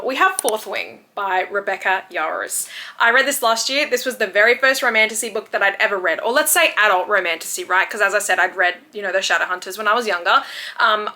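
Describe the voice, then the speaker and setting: Bright-voiced young woman gushing about books. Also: medium pitch. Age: 20s. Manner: gushing, enthusiastic, chatty with frequent fillers. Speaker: book reviewer. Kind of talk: casual book review vlog.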